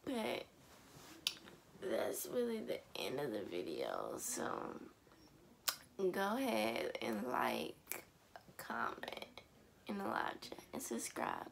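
A woman's voice: very deep voice, huge pitch swings, very slow, creaky, long pauses. A teenage girl from Atlanta talking casually to her camera, emotional and close to tears, often dropping to a half-whisper. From Atlanta, USA. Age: teens. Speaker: vlogger. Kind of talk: casual vlog talk to camera.

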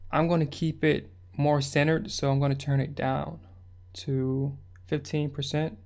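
Chill guy walking through a beat-making tutorial, slangy, kinda flat delivery, voice a bit high. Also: unhurried. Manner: laid-back, slangy, step-by-step instructions. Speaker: music production tutorial host. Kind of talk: casual screen-recorded tutorial narration.

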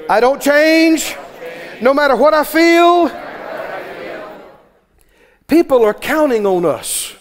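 A man's voice: very high voice, expressive, slow, pauses often, long reverb tail. A man preaching a sermon to a congregation, with fervent, repetitive exhortation.

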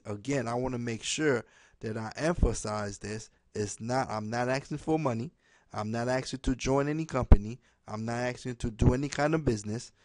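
A man giving a webinar pitch to friends and followers, pleading and repetitive, ending almost every phrase with "okay?", in slightly broken phrasing. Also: a little mellow, no echo, clean studio sound. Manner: non-native phrasing with dropped words. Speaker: network marketer addressing his team. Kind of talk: direct-to-camera webinar pitch.

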